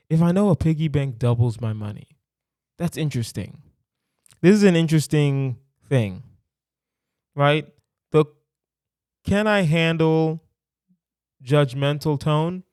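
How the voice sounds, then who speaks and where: A young adult man hosting a solo comedy podcast, thinking out loud in a playful, rambling way and checking in with "right?". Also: on the high side, no room sound, clean studio sound.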